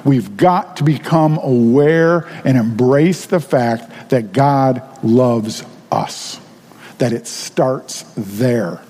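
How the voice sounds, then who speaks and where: A pastor preaching a sermon in an earnest, conversational way, asking rhetorical questions of the congregation. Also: male voice, medium pitch, drawn-out words, warm tone, in a large hall.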